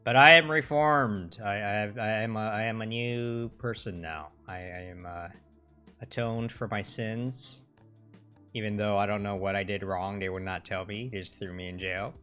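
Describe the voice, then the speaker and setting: A man's voice: on the low side, fairly even intonation, normal speed, faint music behind. A man hosting a casual livestream, rambling with many restarts, swearing and mocking in sarcastic quotes. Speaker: livestream host.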